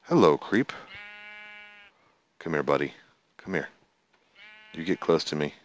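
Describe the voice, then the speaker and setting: His very deep, expressive voice moves at an unhurried pace. He hosts a gameplay video, commenting casually, chatting to himself, counting aloud and speaking to the animals on screen.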